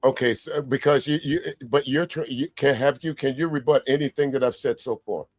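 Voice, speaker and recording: A man hosting a heated panel debate, forceful and lecturing, often interrupting. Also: mid-range voice, brisk, no echo.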